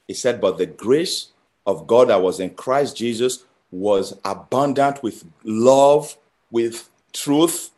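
A man preaching a sermon, emphatic, building phrases through repetition and swinging between loud and quiet. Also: mid-range voice. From Nigeria. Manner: emphatic, with rising and falling intensity and repeated phrases.

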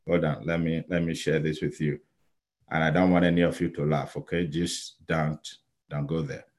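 A man from Nigeria preaching a sermon, telling a story with sudden loud exclaims and soft pleading passages. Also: very deep voice, flat delivery, normal speed.

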